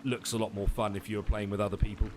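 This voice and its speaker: Male game streamer, lower register, casual chatty manner, hedges a lot, quick to laugh. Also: over music. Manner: relaxed and chatty, hedging with fillers and laughing often. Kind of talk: casual live-stream chat reading viewers' comments.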